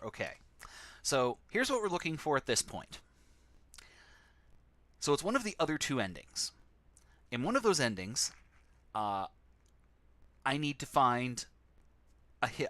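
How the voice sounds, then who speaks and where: A man's voice: medium pitch, sing-song, normal speed, long pauses, pushed and bright, dry recording. A man casually commenting on a text adventure game he plays on stream, with sarcastic, wry asides.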